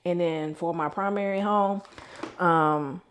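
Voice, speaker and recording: A woman in her thirties speaks in a fairly low voice in a casual personal vlog. She is candid and open, venting her frustrations and swearing without a second thought. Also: steady tone, slow, background noise. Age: 30s. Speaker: vlogger.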